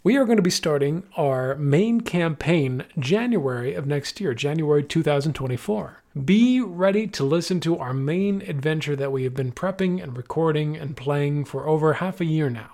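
A man's voice: on the high side, lively intonation, normal speed, hardly any pauses, darkish tone. A man running an improvised tabletop game as game master, narrating with playful energy.

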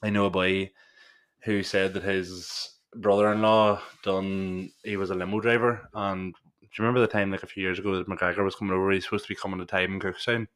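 A man's voice: deep voice, flat delivery, fairly quick, fairly bright tone. A Northern Irish man co-hosting a casual podcast chat, telling rambling anecdotes and swearing freely. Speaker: podcast co-host.

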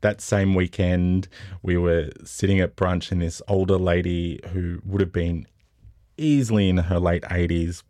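A man's voice: low voice, measured pace, no room sound, clean studio sound. A man with an Australian accent, a festival co-director, telling personal stories in a casual interview and acting out the quoted voices. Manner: animated anecdotes, acts out quotes.

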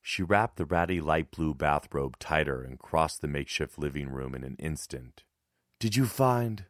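A man narrating a first-person audiobook in a tense, measured way. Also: very deep voice, fairly even intonation, fairly bright tone, no echo, clean studio sound.

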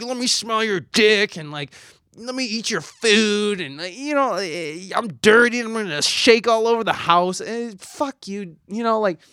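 A young man rambles through a casual solo podcast chat, cursing freely and poking fun at himself. His voice sits a little high for a man. The recording is dry and close, with no room sound. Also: a bit bright, no echo. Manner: rambling, profane, self-deprecating. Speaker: podcast host.

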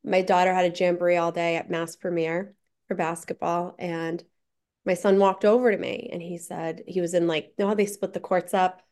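A woman's voice: on the low side, level tone, moderate pace, darkish tone. A woman guest telling a story in casual conversation, full of chatty "like" fillers.

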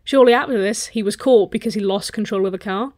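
A woman's voice: medium pitch, quick pace, darkish tone, no echo, studio quality. A woman co-hosting a podcast, telling a story in a joking, casual way and swearing now and then. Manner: jokey, swears, acts out silly voices. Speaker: podcast co-host.

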